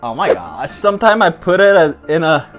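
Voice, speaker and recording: A young woman from Korea with a Korean accent, reviewing snacks in an excited vlog with bubbly, squealing exclamations. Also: sits low, moderate pace, faint music behind. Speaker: vlogger.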